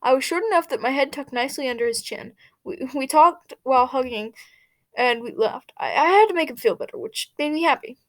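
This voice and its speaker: A woman's voice: high-pitched, lively intonation, a little fast, a bit bright. A woman reading fan fiction aloud, stumbling over words and stopping for her own asides. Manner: stumbling, restarting, laughing asides. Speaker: fanfic reader.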